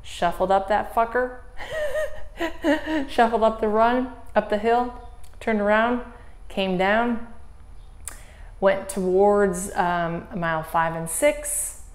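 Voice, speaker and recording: A woman's voice: mid-range voice, takes it slowly, reverberant. A woman in her forties, a triathlon coach, giving a casual race report in a blunt, candid way, swearing freely and acting out her own inner dialogue. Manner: lively retelling with self-quoted inner dialogue.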